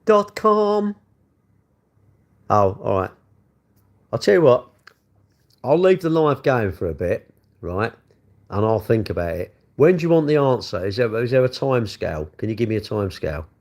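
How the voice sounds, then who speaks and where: Middle-aged bloke, gravelly, very up-and-down delivery, chatting to a phone late at night. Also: male voice, on the low side, very animated, moderate pace, long pauses, a little mellow. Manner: chatty, self-mocking, grumbling. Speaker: livestream host. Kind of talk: rambling late-night livestream chat. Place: bedroom at night.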